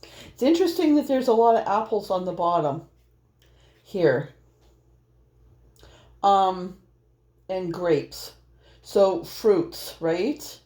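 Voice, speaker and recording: A woman talks through a tarot reading in a loose, rambling way, laughing as she goes. Her voice is mellow and warm, at a middle pitch. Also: animated, slow pace, long pauses. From Norwegian heritage. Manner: chatty and rambling, laughing often. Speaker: tarot reader. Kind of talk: casual spoken tarot reading.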